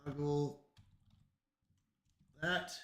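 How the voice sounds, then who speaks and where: A man's voice: a little high, fairly even intonation, drawn-out words, a bit bright, roomy sound. A man live-streaming in casual chat, flustered and apologetic as he talks himself through technical trouble.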